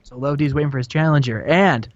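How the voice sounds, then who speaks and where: A man casually narrating a wrestling sim game, excitable and prone to stumbling over words. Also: mid-range voice, fast, crowd noise. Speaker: video game streamer. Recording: dull dry lo-fi mic.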